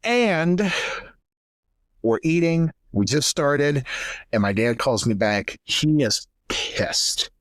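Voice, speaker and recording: A man's voice: fairly high pitch, animated, takes it slowly, no room sound, studio quality. Young man telling a raw personal story. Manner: candid, emotional retelling, acts out quoted voices. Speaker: podcast co-host.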